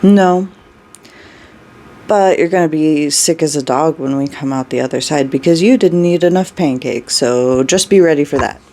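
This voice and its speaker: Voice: medium pitch, moderate pace, natural voice. A reader voicing a frightened, profane young man in a story read aloud, calling out urgent commands. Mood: teasing. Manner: shouting, urgent and panicked.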